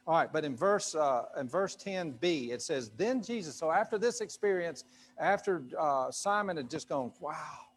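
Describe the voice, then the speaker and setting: A man preaching a sermon in a church, talking to the congregation in a loose, chatty way. His pitch swings widely as he gets worked up, and he drops low and soft when he slows down to press a point. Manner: conversational, animated preaching with fillers and asides. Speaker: pastor. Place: church sanctuary with a live congregation.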